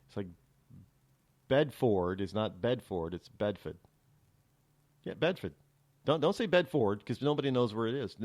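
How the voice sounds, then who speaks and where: A man hosting a talk show, delivering a rambling, sarcastic opinion monologue with many restarts. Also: lowish voice. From New England.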